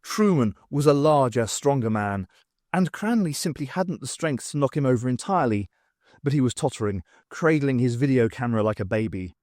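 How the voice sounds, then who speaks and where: A man narrating an unabridged audiobook in a measured, dramatic reading. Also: medium pitch, expressive, a little mellow, no echo, clean studio sound. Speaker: audiobook reader.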